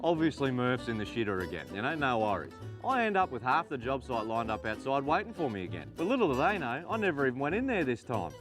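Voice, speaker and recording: A man doing a cocky Australian tradie, bragging and swearing, lively rising voice, quick talk, guitar playing behind. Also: medium pitch, natural voice. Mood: boastful. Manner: boastful, swearing storyteller. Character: scheming lazy Aussie tradie, male, cocky. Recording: clip with guitar music behind.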